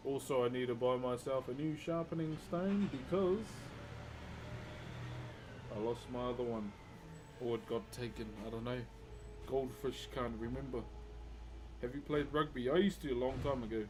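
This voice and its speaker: A man's voice: medium pitch, normal speed, pauses often, noisy background. A man with a New Zealand accent, chatting casually with viewers on a live stream while he works on wood carving, calling everyone bro. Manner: laid-back, chatty, greets viewers as bro.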